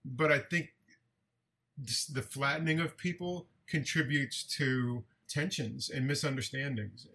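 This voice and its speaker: A man's voice: medium pitch, unhurried, sharp tone. A man from the San Francisco Bay Area, a writer and TV editor, talking thoughtfully as a guest on a remote podcast call, often restarting words. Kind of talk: casual interview conversation.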